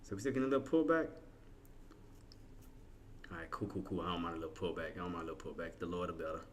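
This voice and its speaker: A man streams his live trades, thinking aloud in casual, slangy talk and chatting with viewers. His voice sits low and his delivery is rapid-fire.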